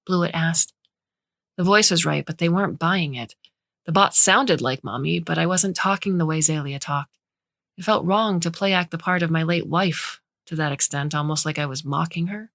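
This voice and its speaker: A woman reading a short story aloud in a measured, intimate way. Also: low-pitched, a bit bright, no echo, studio quality. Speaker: story reader. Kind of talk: scripted narration.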